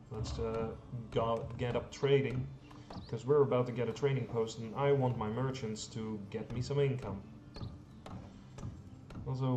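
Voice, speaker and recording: A mellow, mid-range male voice belongs to a let's play host rambling through a strategy game. He pokes fun at himself, leans on fillers, and swears mildly now and then. Roomy echo and a faint hum color the recording.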